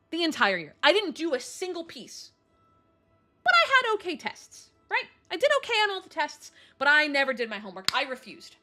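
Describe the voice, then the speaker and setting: A young woman streamer telling a story in a casual chat, animated, laughing often and swearing casually. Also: sits high.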